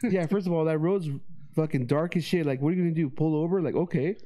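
A man in casual chat, telling animated stories with lots of swearing. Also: on the high side, fast.

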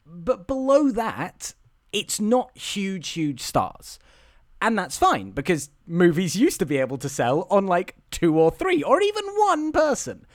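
A man's voice: sits high, big pitch swings, slow pace, no echo, clean studio sound. A man co-hosting a casual film podcast, opinionated and ranting, swearing freely. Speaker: podcast co-host. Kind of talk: casual chat.

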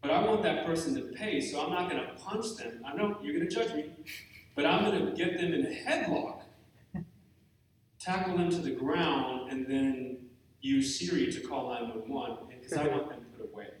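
A man with a slightly high voice speaks at a normal pace, far from the mic, with a little background noise. He's a retreat speaker giving a candid, joking, self-deprecating talk to a live audience in a large room. The recording is an echoey hall with the mic placed at a distance.

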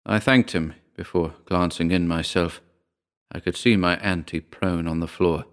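A man reading a horror short story aloud in a measured, grave storytelling manner. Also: deep voice, fairly even intonation. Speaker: narrator. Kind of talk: scripted horror narration.

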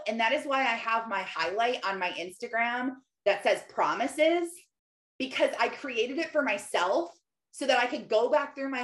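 Chatty woman in a roomy room. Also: a little high. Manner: chatty, rambling, lots of "like" fillers. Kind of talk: casual faith-based personal talk. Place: home office. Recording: roomy echo.

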